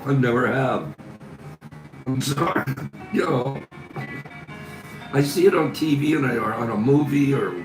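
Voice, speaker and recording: A man's voice: mid-range voice, unhurried, long pauses. A man hosting a casual live stream, reading viewer comments aloud and laughing constantly. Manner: laughs constantly, giggly and teasing. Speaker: livestream host. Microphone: phone camera. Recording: echoey room with music behind.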